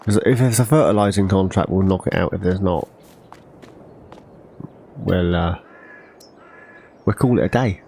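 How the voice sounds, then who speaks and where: Male gamer, casual rambling commentary, lowish voice, faint background noise. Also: a little slow, gravelly, long pauses, darkish tone, rough recording. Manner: chatty, rambling, self-correcting. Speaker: gaming channel host. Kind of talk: casual farming game commentary.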